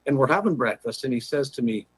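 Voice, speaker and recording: A man's voice: medium pitch, fast, breathy edge, dry recording, rough recording. A man guest in an interview, animatedly telling a personal story and acting out past conversations. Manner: animated, retells conversations in dialogue.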